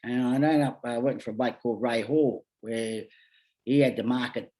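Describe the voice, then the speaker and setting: A man's voice: mid-range voice, normal speed, warm tone. An Australian man telling rambling stories as a podcast guest, talking bluntly and swearing freely. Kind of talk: casual storytelling.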